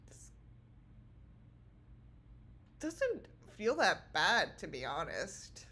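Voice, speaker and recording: Giggly woman streamer, slow and lively. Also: medium pitch, slightly rough. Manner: giggly, rambling, drawn-out. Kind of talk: casual livestream chat. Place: small home room.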